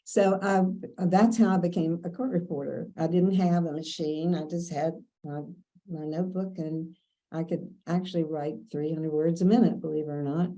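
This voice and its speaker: A woman's voice: deep voice, fairly even intonation, normal speed, warm tone, poor audio. An older woman from Kentucky, telling chatty stories from her working life and acting out the dialogue in them. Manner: chatty, anecdotal, quotes others in dialogue. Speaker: interviewee. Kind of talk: casual storytelling.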